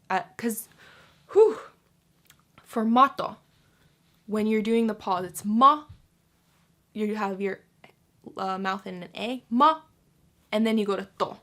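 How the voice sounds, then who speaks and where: A young woman talks through a casual lesson at an unhurried, slow pace. She is chatty and repeats example words slowly, dragging them out, with a mid-range voice. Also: mid-range voice. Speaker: language teacher.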